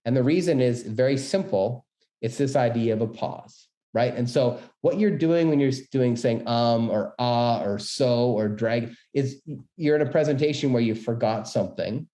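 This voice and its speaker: A middle-aged man, a business school dean, giving an energetic, quick-paced webinar talk on presenting. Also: medium pitch. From Canada. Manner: fast, energetic talker with many quick asides. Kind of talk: presentation tips lecture. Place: room, webinar. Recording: roomy echo.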